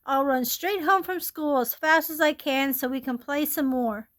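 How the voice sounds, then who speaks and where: A high-voiced young girl, read by a woman storyteller, sounding bright and affectionate toward her dog. Her talk is warm and simple, sometimes softly pleading. It is a plain, everyday read-aloud voice rather than a heavy character voice. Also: normal speed. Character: cheerful young girl, devoted dog owner.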